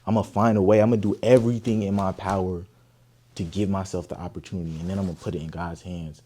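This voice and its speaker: Deep-voiced young man. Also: fast talker. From Oakland, California. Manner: animated, profane, emphatic storytelling. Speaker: guest artist. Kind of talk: storytelling interview.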